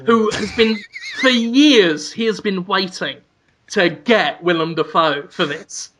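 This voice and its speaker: A man's voice: high voice, takes it slowly, background noise. A man co-hosting a podcast, spinning absurd comic stories and acting out voices. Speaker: podcast co-host. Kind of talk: comedic casual chat.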